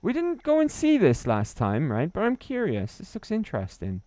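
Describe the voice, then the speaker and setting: A man's voice: high-pitched, huge pitch swings, normal speed, dark tone, dry recording. A man from Wales, chatting and laughing through a gaming livestream while reading his chat. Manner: chatty, laughs often, reads chat aloud. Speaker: streamer.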